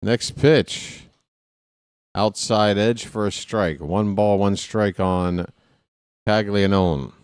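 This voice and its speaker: A fan play-by-play commentator calls a ballgame at a slow pace, letting time pass between pitches and slipping in dry, wry remarks. His smooth, clear voice is recorded close and dry with no room sound, and big hits send him into excited shouting.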